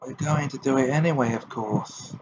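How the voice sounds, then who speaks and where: Guy reading a quiet steady teen wizard boy, muffled lo-fi sound. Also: medium pitch, normal speed, background noise, close to an everyday voice. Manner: quiet, plain.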